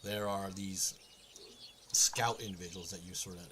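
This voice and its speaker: A man's voice: sits low, fairly even intonation, moderate pace, background noise. A man running a tabletop game as game master, describing scenes and explaining rules with many fillers.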